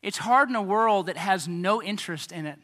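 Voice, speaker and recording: A man preaching a sermon to a young congregation, animated and speaking straight to them. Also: high voice, moderate pace, big-room sound. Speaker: pastor.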